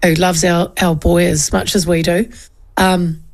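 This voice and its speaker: A woman in casual chat, an animated storyteller who acts out the voices of people in her story. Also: lowish voice, unhurried.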